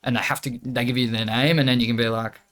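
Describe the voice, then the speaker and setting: A man's voice: mid-range voice, fairly even intonation, quick pace, fairly bright tone. A young man chatting as a podcast guest. He rambles, backtracks and restarts, and he peppers his explanations with casual swearing. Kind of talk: casual chat.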